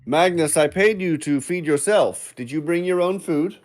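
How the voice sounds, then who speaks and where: A man voicing a cocky old male historian with mystic powers in a tabletop game, calm, cryptic and self-assured. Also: a little high, moderate pace, faint music behind, voice pushed up, close to an everyday voice. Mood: dismissive.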